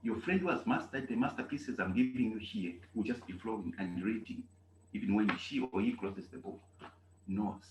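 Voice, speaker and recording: A man from Zambia, teaching a German class in an animated way and repeating key phrases. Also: lowish voice, moderate pace. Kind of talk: online class lecture. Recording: echoey room with faint noise.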